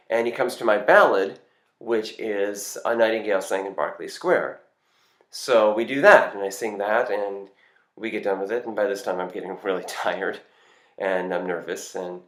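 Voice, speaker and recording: A man, a singer and actor, casually telling a first-person anecdote in a relaxed, conversational way with small hesitations. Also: fairly low pitch. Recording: roomy echo.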